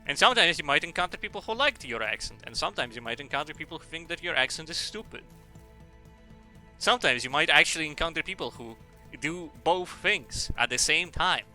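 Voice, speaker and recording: A man streams a game and rambles to chat in a casual, joking way, swearing freely. His voice is very bright and his pitch swings a lot. Faint music plays behind him. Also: animated, a little fast. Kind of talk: casual chat while gaming.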